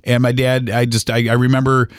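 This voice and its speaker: A man in his forties tells a personal story on a podcast, his voice sitting at an ordinary middle pitch. He speaks earnestly and haltingly, often pausing on fillers and starting his sentences over. The recording is close and dry. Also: monotone, dry recording. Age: 40s. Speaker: podcast host.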